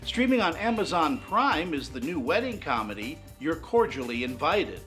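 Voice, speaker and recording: A man's voice: a little high, very animated, moderate pace, a bit bright, soft background music. A man who is a film critic, delivering a scripted movie review with an upbeat, punchy delivery.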